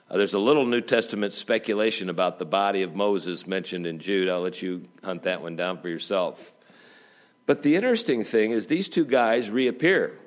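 A middle-aged man preaching a sermon as pastor, telling stories with jokes and asides. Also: on the low side. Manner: lively storytelling with jokes and asides.

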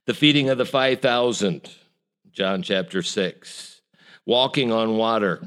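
A man's voice: lowish voice, a bit bright. A man preaching a sermon, emphatic and conversational, repeating words and stressing key claims with rising force. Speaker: pastor.

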